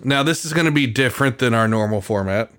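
A man's voice: mid-range voice, animated, fast talker, fairly bright tone, smooth. A man hosting a podcast in casual chat, rambling and breaking off his own sentences. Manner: rambling, self-interrupting. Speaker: podcast host.

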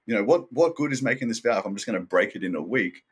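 A man's voice: fairly low pitch, expressive, fast talker, breathy edge. A man talking as a podcast guest in a candid, rambling way, swearing often and restarting his sentences. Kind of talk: candid casual conversation.

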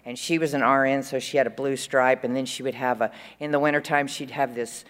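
A woman's voice: very deep voice, fairly even intonation, brisk. Woman at a conference podium, chatty and rambling, large reverberant hall. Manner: chatty, rambling, fond, with frequent fillers and laughs. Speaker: conference speaker. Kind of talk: recovery share at a conference.

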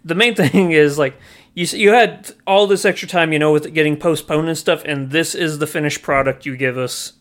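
A man co-hosting a podcast, sharing blunt, animated opinions on movies and anime. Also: fairly high pitch, fairly quick. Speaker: podcast co-host. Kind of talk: casual movie review chat.

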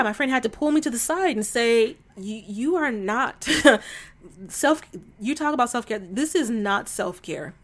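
A woman's voice: medium pitch, a bit bright. A woman talking casually to camera in a vlog, emphatic and exasperated, with lots of fillers. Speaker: vlogger.

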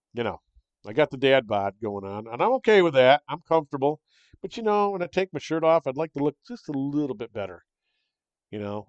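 A smooth-voiced older man from Michigan talks casually into the mic, drifting from thought to thought with lots of fillers. His voice sits at a middling pitch. The recording is dry and a little dull. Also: no room sound. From Michigan, USA. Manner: rambling, chatty, with many fillers and restarts. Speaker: podcast host. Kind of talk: casual solo monologue.

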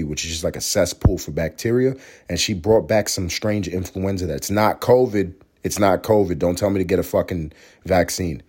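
A man's voice: sits low, a little mellow. A man hosting a solo podcast with a sore throat, talking in a profane, rambling way, sometimes like a mock preacher. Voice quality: hoarse. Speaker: podcast host. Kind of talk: casual solo podcast monologue.

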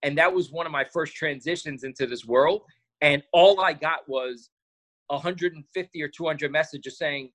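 A man's voice: fairly high pitch, normal speed. A man telling stories as a guest in a casual interview, acting out quoted lines as he goes. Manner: animated storyteller, acts out quotes. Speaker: podcast guest.

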